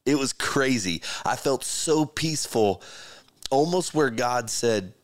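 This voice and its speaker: A man's voice: mid-range voice, animated, a little slow, no echo. A middle-aged man, a podcast host, candidly telling a personal story in an earnest, emotional way, often restarting his sentences.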